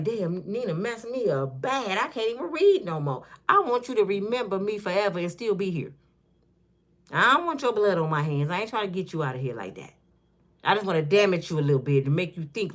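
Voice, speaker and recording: A woman's voice: medium pitch, fairly bright tone. A woman in her fifties hosting her own channel, talking in a casual, joking way and acting out little scenes as she goes. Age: 50s. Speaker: channel host. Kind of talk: casual commentary vlog.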